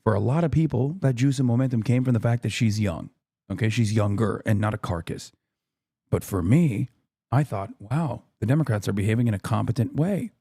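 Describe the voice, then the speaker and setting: A man in his thirties vents at his stream chat, exasperated and full of profanity. His tone is dark and mellow, held back so he does not wake a neighbor. The sound is dry and close, with no room around it. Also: lowish voice, fairly quick, husky, no echo. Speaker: streamer reacting to a speech. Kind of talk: heated live-stream commentary.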